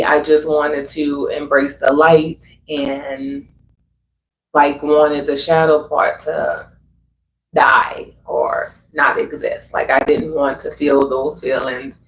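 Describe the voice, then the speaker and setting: A man speaking unhurriedly with a somewhat raised pitch, sharing spiritual reflections in an earnest, conversational way. His voice rings in an echoey room with a faint hum of ambience behind it. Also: gravelly, a bit bright. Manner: earnest and conversational, fillers like "you know what I'm saying". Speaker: livestream host.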